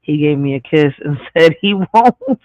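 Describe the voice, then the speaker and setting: Male stream host, relaxed, reads chat, slightly higher voice, dry lo-fi audio. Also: a little slow, no echo. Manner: laid-back, reads out chat comments. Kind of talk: casual live-stream hosting.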